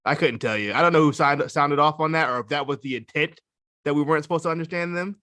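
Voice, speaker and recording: Brief: male co-host, rapid bright delivery, dry close mic, self-mocking humor. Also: on the high side, dry recording. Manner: quick, self-mocking, laughing. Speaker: podcast co-host. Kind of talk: casual wrestling chat.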